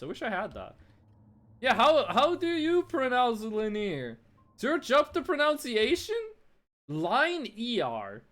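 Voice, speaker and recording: A man's voice: very high voice, fairly bright tone. A young man streaming a game, chatting playfully with his chat and teasing them while he plays.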